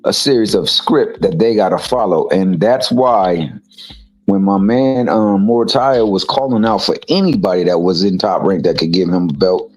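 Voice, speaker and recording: A man with a low voice argues his points about boxing in a loose, emphatic way, often stumbling over and repeating words. Faint music sits under the talk. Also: normal speed, darkish tone, low-quality recording. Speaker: co-host. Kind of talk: casual boxing chat.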